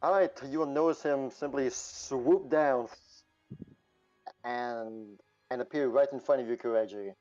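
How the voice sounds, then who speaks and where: A man's voice: medium pitch, measured pace, a little mellow, dull audio, soft background music. A man narrating as game master of a tabletop role-playing game, playful and laughing often.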